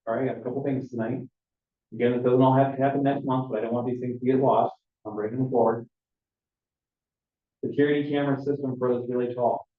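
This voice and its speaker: A man's voice: mid-range voice, roomy sound, narrow, tinny audio. A man speaking as a board trustee at a village meeting, firm and matter-of-fact. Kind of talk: public meeting discussion. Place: village hall meeting room.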